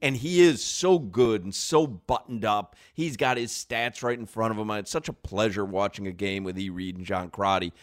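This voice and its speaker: A man hosting a casual sports talk show, playful and quick to laugh, repeating names for fun. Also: lowish voice. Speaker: sports radio host.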